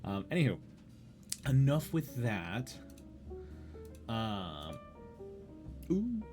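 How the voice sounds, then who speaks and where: A man's voice: on the low side, wildly swooping pitch, drawn-out words, music in the background. A young man casually hosting a livestream show, rambling and chatting with viewers while reading their messages aloud. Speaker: podcast host.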